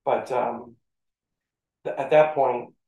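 A middle-aged man, a former football player telling animated stories from his playing days in a casual interview. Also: mid-range voice, slow, vocal fry. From St. Catharines, Ontario, Canada. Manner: animated storyteller who acts out the voices in his story. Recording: echoey room.

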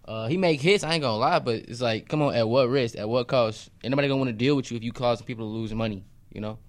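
A man's voice: mid-range voice, fast talker. Chill guy on a podcast, mid voice, slangy, gives his opinions easy. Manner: laid-back, slangy, opinionated. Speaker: co-host. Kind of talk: casual pop culture chat.

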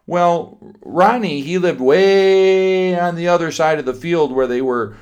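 An older man tells a bedtime-style story to children in a homespun, folksy way. He repeats words, stumbles over starts, and asks his little listeners questions along the way. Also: mid-range voice. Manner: folksy, repetitive, talks to children.

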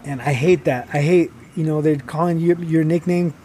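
A man's voice: a little high, normal speed, warm tone, faint music behind. A young man telling his own life story in casual, rambling talk, full of fillers and restarts, growing heated as he goes.

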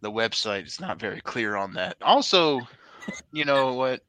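A man hosts a loose, joking podcast and keeps teasing his co-hosts, laughing often. His voice is bright, with a lively, swinging pitch. The sound is dry and close. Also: normal speed, dry recording, poor audio. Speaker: podcast host. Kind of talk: casual banter.

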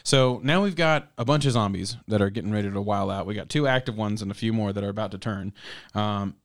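A man's voice: lowish voice, fast talker, no echo, clean studio sound. A man hosting a casual movie-review chat who laughs often, swears freely and rambles.

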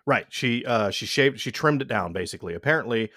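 Brief: young adult male host, crude casual storyteller, rambling, mid pitch, dry close mic. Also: expressive, a little fast, pushed and bright, no echo. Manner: rambling, profane, many restarts.

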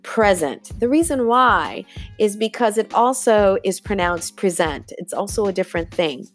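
A woman's voice: medium pitch, moderate pace, soft background music. A woman hosting a podcast, giving an emphatic motivational monologue and calling her listeners y'all. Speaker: podcast host.

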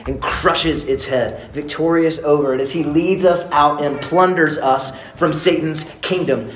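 A man from East Texas preaching a sermon in a casual, animated, joking way. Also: fairly high pitch, roomy sound, a little hiss or hum. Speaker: pastor.

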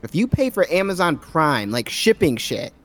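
A man's voice: fairly high pitch, sing-song, normal speed, a bit bright. A man co-hosting a casual podcast, laid-back and slangy. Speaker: podcast co-host.

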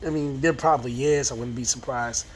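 A man's voice: medium pitch, steady tone, a little fast. A man casually recapping a TV episode as a reviewer, rambling and restarting his sentences while acting out the quoted lines. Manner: rambling storyteller who restarts phrases; acts out quoted lines in retelling. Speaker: TV show reviewer.

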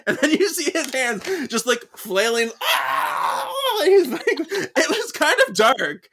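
A man's voice: extremely high pitch, big pitch swings, slow pace, hardly any pauses, bright, forceful tone. A man co-hosting a podcast, giggly and breezy as he recaps a comic. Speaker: podcast co-host. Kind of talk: casual chat, retelling a comic.

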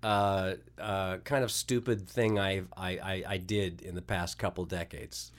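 A man's voice: sits low, fairly even intonation, a little slow. A man who works as a voice actor, talking as a podcast guest in a loose, rambling way, full of restarts and laughing at his own stories. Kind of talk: casual podcast interview.

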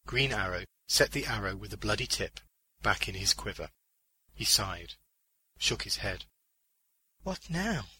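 A man reading a short story aloud as narrator, with an expressive storytelling delivery. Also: lowish voice, normal speed, slightly rough, dry recording, poor audio. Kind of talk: scripted audiobook narration.

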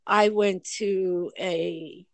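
A woman's voice: lowish voice, drawn-out words, no echo. Woman co-host, chatty storyteller, dry close studio sound. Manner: animated storyteller, lively acted quotes. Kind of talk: casual chat, storytelling.

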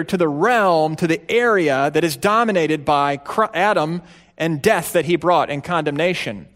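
A man preaching a sermon as pastor, emphatic, swinging between quiet, low passages and loud, urgent ones. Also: normal speed.

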